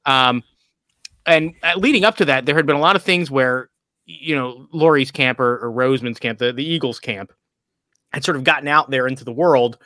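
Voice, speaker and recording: A man's voice: medium pitch, moderate pace, pushed and bright, no room sound, clean studio sound. A man co-hosting a casual sports podcast, rambling and correcting himself as he talks, laughing through his stories. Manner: rambling, self-interrupting, laughs while telling stories. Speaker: podcast co-host.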